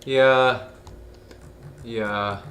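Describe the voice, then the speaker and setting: A man's voice: medium pitch, steady tone, extremely slow, a bit bright, soft background music. A tired young man chatting casually and profanely while live-streaming a video edit, mumbling through his work. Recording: echoey room with faint hum.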